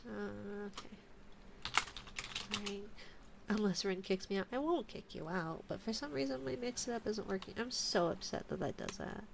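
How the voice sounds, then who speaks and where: A woman's voice: mid-range voice, moderate pace, creaky. A woman streamer chatting casually to her audience, muttering and grumbling while fixing her stream settings. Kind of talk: casual live-stream chat. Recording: loud background noise with keyboard clicks.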